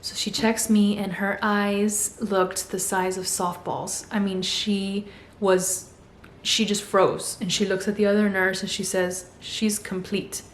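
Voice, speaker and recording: A woman's voice: medium pitch, unhurried. A young adult woman telling a story in a casual way and acting out the voices she quotes. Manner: animated, acts out quoted voices. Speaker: vlogger. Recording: echoey room with faint hum.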